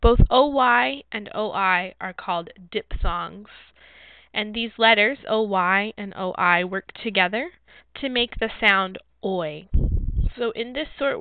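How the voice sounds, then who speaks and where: A woman teacher slowly and clearly walking children through a phonics word sort, explaining each word. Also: medium pitch, no echo. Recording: dry, phone-like narrow sound.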